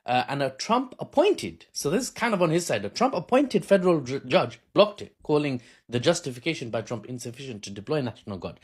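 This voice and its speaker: A man's voice: mid-range voice, very animated, brisk, few pauses, husky. Chatty man explaining politics. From Britain. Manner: chatty, self-mocking, laughs often. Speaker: political commentator. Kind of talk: casual unscripted explainer. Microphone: phone camera.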